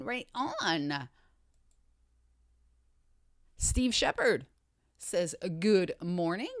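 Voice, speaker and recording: Lively, animated woman livestream host. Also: fairly low pitch, no echo, clean studio sound. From Canada. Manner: upbeat, greets viewers by name, repeats catchphrases. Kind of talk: casual livestream chat.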